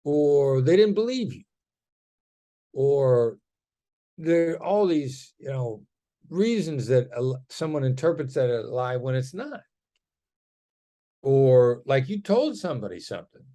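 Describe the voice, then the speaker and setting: Animated yet unhurried, this middle-aged man pauses often as he speaks in a mellow, mid-range voice. He's a negotiation expert guesting on a podcast, explaining ideas conversationally and acting out vocal tones to demonstrate them.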